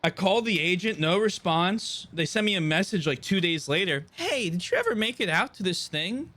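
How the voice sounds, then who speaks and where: Man, 20s, game streamer, casual chat, animated, swears and laughs, bright tone. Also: high-pitched, moderate pace.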